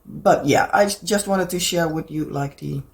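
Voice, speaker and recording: Hoarse from a cold, a crafting channel host with a Dutch accent talks casually and ramblingly about crafts. Her voice sits low, and she occasionally pauses to find the right words.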